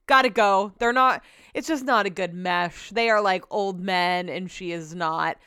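A woman's voice: fairly low pitch, fairly even intonation, a little slow, bright, forceful tone, clear, resonant tone, no room sound, studio quality. A woman hosting a casual solo podcast from home, talking candidly and chattily with lots of filler words. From Sacramento area, US. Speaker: podcast host.

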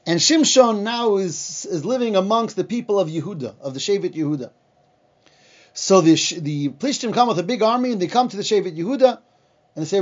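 A man's voice: high-pitched, expressive, quick pace, muffled recording. A man teaching a Bible class, retelling the story casually with many fillers and acted-out quotes. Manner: retells the story in plain words, acting out the lines with frequent fillers.

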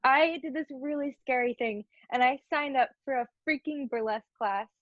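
A young adult woman, a podcast guest, telling her story in a chatty, expressive way. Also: high voice, normal speed, no room sound. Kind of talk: conversational interview. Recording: dull, dry lo-fi audio.

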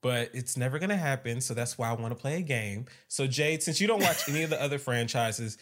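A man's voice: medium pitch, a little fast. A man co-hosting a casual podcast chat, telling stories with acted-out quotes and plenty of swearing. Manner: animated storyteller, acts out quotes, swears freely. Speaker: podcast co-host.

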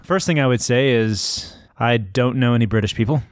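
A relaxed man co-hosting a book podcast, who laughs easily and slips in jokey asides. His pitch is ordinary for a man. The sound is close and dry, with no room echo. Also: normal speed. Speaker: podcast co-host. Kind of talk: casual book podcast chat.

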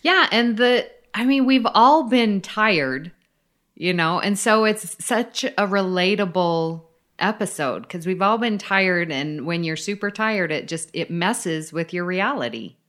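Smooth-voiced woman co-hosting a podcast. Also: mid-range voice, expressive, unhurried, a bit bright. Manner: chatty, leading the discussion. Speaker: podcast co-host. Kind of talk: casual chat.

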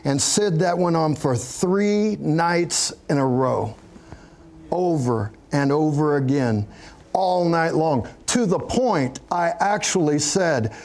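A man with a somewhat high voice tells his story at an unhurried, deliberate pace. He is a pastor giving an earnest testimony in an interview, breaking into small chuckles as he goes. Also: animated, darkish tone.

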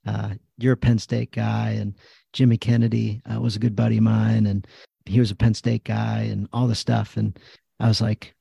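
Brief: male guest, gravelly, mellow and dark, dry close sound, storyteller. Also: on the low side, flat delivery, normal speed, no echo. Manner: storytelling, acts out his own prayers and dialogue. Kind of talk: casual podcast conversation.

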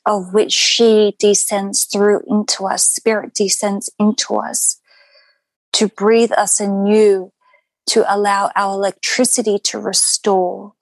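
A woman podcast guest giving a spiritual teaching in slow, measured, flowing phrases, with some ums. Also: medium pitch, creaky, dry recording, low-quality recording.

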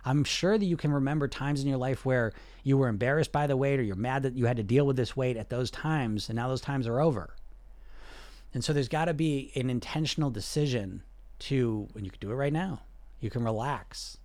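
A man's voice: mid-range voice, a little fast, a little mellow, no echo. Earnest man coaching the listener. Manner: earnest, reassuring, speaks straight to the listener. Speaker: weight-loss coach. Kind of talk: direct-to-listener coaching talk.

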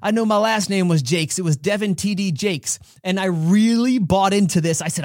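A man's voice: sits high, normal speed, few pauses, a little mellow, dry recording, studio quality. A man hosting a podcast, giving an earnest, direct faith-based motivational talk full of stories. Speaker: podcast host.

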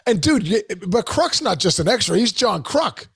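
A man co-hosting a podcast with a husky, slightly higher voice. He talks in an enthusiastic, casual way, peppering his lines with dude and bro. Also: big pitch swings, moderate pace, a bit bright. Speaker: podcast co-host. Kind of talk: casual chat.

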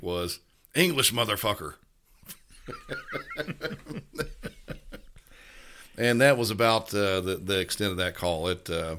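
A man co-hosting a podcast, telling work stories in a casual, halting way with many restarts. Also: low voice, sharp tone, clean tone. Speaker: podcast co-host, police dispatcher. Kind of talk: casual storytelling.

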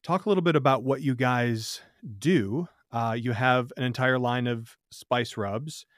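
Male host, mid pitch, rambling and conversational, dry close mic. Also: unhurried, no room sound. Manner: rambling, with many fillers and restarts, animated when joking. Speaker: podcast host. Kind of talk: casual interview conversation.

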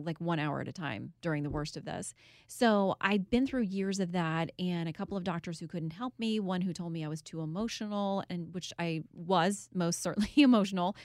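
A woman's voice: lowish voice, darkish tone, no echo, studio quality. A woman guest in an interview, telling a personal story in an earnest, candid way with occasional laughs. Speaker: guest, author and TV host.

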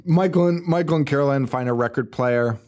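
A young man co-hosting a podcast, casually recapping a movie with lots of swearing, rambling asides and quick imitations of characters. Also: medium pitch, darkish tone, a little hiss or hum. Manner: profane, rambling, retells scenes with quick put-on quotes. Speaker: podcast co-host.

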